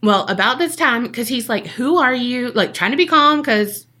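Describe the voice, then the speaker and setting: A woman's voice: a little high, lively intonation, moderate pace, pushed and bright. A woman, co-hosting a podcast and telling a story in a casual, jokey way that is full of swearing. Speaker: podcast co-host.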